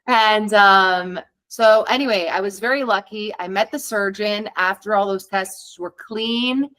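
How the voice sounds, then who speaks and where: Woman, podcast guest, candid chatty storytelling, medium pitch, animated quoting of others. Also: slow, poor audio. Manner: animated, acting out quoted dialogue. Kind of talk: conversational storytelling.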